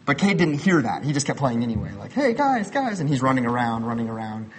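A man's voice: medium pitch, fast talker, slight background noise. Man preaching a conversational sermon. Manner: conversational preaching with personal stories, rising emphasis. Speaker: pastor.

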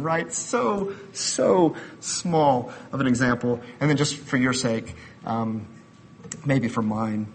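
A man in his thirties preaches in a relaxed, conversational way. He mixes personal stories with rising emphasis. His voice sits in the middle range, with a faint hum of ambience behind him. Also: medium pitch. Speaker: pastor. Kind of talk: sermon.

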